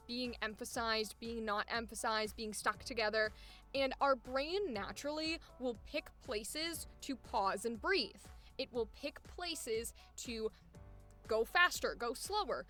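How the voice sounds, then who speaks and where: Acting coach, female: bright, fairly high voice, energetic and emphatic delivery. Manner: energetic, emphatic, laughs often, swears casually. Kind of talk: coaching session.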